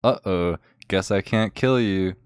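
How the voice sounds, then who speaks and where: A blunt young heroine answers in short, deadpan lines, played by a man with a deep voice. It is an offhand, low-effort delivery. It is recorded dry and close. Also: a little slow, clear, resonant tone, no room sound.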